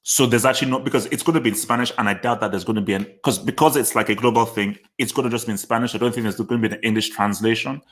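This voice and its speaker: A man's voice: mid-range voice, fairly even intonation, very fast, few pauses, a bit bright. A man hosting a football channel, giving live reaction commentary in a casual way, repeating short phrases and restarting his sentences. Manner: thinks aloud and restarts sentences.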